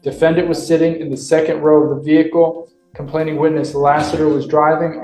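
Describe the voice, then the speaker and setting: Woman flatly reading a police report. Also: low voice, reverberant, poor audio. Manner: matter-of-fact, reading aloud. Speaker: prosecutor.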